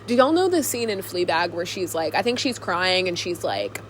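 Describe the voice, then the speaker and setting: Young woman rambling to her camcorder, giggly and super animated, a bit of faint hiss behind her. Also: lowish voice, normal speed. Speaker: vlogger. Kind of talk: casual chat to camera. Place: alone in a room.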